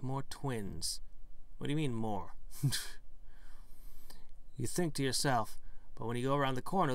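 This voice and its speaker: A man's voice: mid-range voice, dry recording. Man wryly reading a text game aloud. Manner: wry, joking asides between narrated passages. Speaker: gaming video host.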